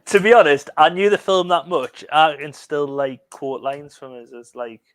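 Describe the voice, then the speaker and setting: A man's voice: on the high side, normal speed. Rambling, eager man. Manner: enthusiastic, rambling storyteller. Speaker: co-host. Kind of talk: casual live-stream chat.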